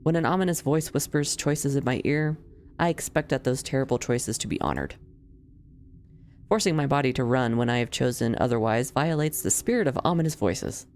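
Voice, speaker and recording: A woman's voice: a bass voice, brisk, a little mellow, slight background noise. A woman reading the inner monologue of a sardonic young villainess in a game, dry and wry with formal phrasing.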